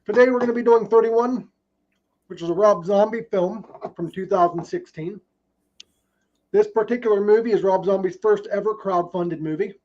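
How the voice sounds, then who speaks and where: A man's voice: high voice, moderate pace, darkish tone, muffled recording. A man hosting a casual podcast, reading film trivia with many ums. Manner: reads trivia with frequent ums. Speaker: podcast host.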